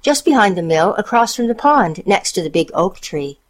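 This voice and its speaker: A woman's voice: mid-range voice, big pitch swings, moderate pace, pitched above the performer's own voice, close to an everyday voice. Woman doing a sweet little girl. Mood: eager.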